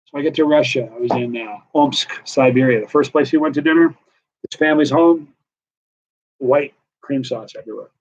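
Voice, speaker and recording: A man from the American East Coast, medium-pitched and speaking at normal speed, runs a loose live-stream Q&A for his hot pepper channel. The audio sounds dull as he rambles casually and reads viewer comments aloud.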